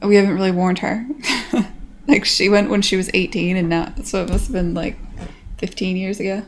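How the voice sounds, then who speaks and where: A woman's voice: mid-range voice, little pitch movement, moderate pace, a little hiss or hum. An American woman in her thirties, a game developer chatting casually on a stream in a rambling way, swearing freely.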